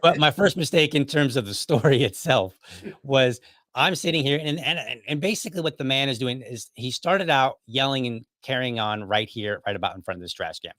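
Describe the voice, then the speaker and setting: A man hosts a podcast and tells a long story in a loose, casual way. He often restarts his sentences and wanders into asides. His voice sits at a middle pitch and sounds dry and close. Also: animated, a little fast, fairly bright tone, no room sound. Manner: rambling, many restarts and asides. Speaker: podcast host.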